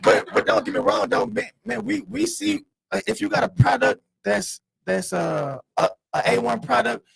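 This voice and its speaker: A man's voice: high voice, lively intonation, normal speed, gravelly, hardly any pauses, fairly bright tone, husky, dry recording, low-quality recording. A man co-hosting a podcast, chatting loosely and rambling, often repeating his words. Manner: loose, rambling, repeats words, says "you know what I mean". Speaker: podcast co-host. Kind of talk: casual group chat.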